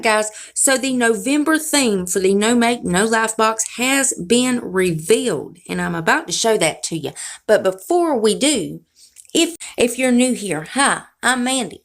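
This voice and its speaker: A woman from South Carolina with a Southern accent, chatting casually to her viewers in a folksy, playfully sassy way. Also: fairly high pitch. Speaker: beauty YouTuber. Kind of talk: casual vlog chat.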